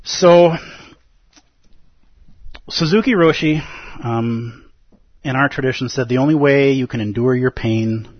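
A man with a husky, slightly breathy voice gives a casual, playful Zen dharma talk to his group. The recording is dull and lo-fi, with a dry, close sound and no room around it. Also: mid-range voice, measured pace, pauses often, no room sound. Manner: conversational and playful, with frequent "like" and "right?". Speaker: Zen meditation teacher.

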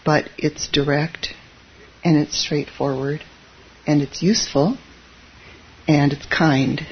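A Zen teacher speaks at a middling pitch, easygoing and conversational, with occasional chuckles at their own asides. The recording is a little muffled and lo-fi, with a faint hiss underneath. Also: steady tone, slow. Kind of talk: dharma talk.

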